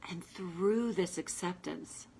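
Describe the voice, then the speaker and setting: A woman hosting a casual self-help coaching livestream, speaking in a soothing way and sometimes dropping to a gentle whisper. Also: lowish voice, takes it slowly, vocal fry, slight background noise, low-quality recording. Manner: talks casually and drops at times into a soft, soothing whisper.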